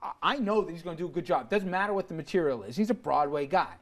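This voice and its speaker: A man's voice: on the high side, animated, fast. A man hosting a television talk show, leading a casual panel discussion with lots of fillers and easy laughter. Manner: conversational, laughs easily, many fillers.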